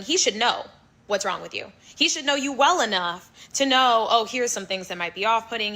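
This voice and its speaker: Brief: female advice commentator, blunt and matter-of-fact, bright clear tone. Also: fairly high pitch. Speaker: relationship commentator. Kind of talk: direct-to-camera advice.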